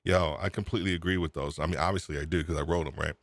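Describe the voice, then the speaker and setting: A man with a very low voice hosts a casual live podcast stream. He is excitable, laughs often and repeats himself, speaking close to a desk microphone in a dry, dead-sounding room. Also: rapid-fire, dry recording. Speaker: podcast host. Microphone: USB desk microphone.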